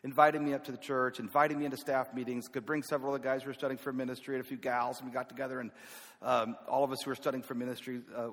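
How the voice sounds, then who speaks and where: Southern man, North Carolina roots, middle-pitched, telling a folksy story in a big reverberant hall. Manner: folksy, self-deprecating, with laughs. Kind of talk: personal storytelling.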